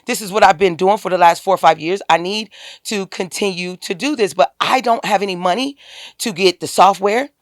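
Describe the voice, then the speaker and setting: A woman, a guest on an interview podcast, telling a personal story in a casual, animated way and acting out the quoted dialogue with a lifted voice. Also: mid-range voice, brisk, dry recording, clean studio sound. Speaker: podcast guest, tax business owner.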